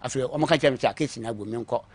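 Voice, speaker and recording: A man recounting his own long story on a talk show, acting out what others said to him, moving between quiet asides and louder bursts. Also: mid-range voice, quick pace, slightly rough. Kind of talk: call-in story telling.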